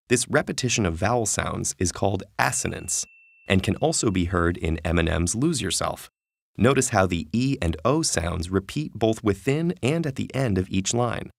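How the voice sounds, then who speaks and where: A man giving calm, measured scripted narration for an educational lesson. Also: on the low side, gravelly. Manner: calm, measured, slows for quoted verse. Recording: soft music underneath.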